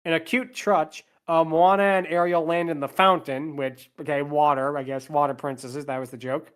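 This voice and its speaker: Sardonic podcast host recapping a movie. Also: male voice, on the high side, fairly even intonation, normal speed, clear, resonant tone. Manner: plot narration with sarcastic asides.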